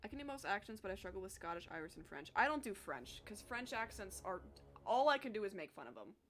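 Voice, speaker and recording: A woman's voice: mid-range voice, sing-song, quick pace, fairly bright tone. A young woman chatting casually with her live chat while she draws, talkative and self-deprecating, swearing freely. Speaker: streamer drawing live.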